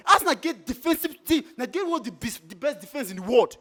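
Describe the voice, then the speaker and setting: A man with a Nigerian Pidgin English accent gives a heated, repetitive football fan rant. His voice sits very high and swings widely in pitch. It has a bright, sharp edge. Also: sing-song, quick pace, few pauses. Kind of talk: street fan reaction rant.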